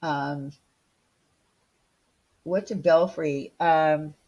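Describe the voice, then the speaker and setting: A woman's voice: sits low, fairly even intonation, drawn-out words, darkish tone, lo-fi sound. A woman hosting a casual livestream, chatting with viewers and answering their comments in a blunt, chatty way full of fillers and the odd swear word. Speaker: livestream host.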